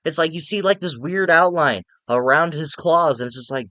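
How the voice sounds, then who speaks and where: A man's voice: on the high side, moderate pace, sharp tone, dry recording. Young guy ranting about a movie, swears a lot, says like constantly, dead dry recording. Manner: profane, exasperated, rambling with lots of "like". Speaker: movie reviewer. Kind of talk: casual movie review rant.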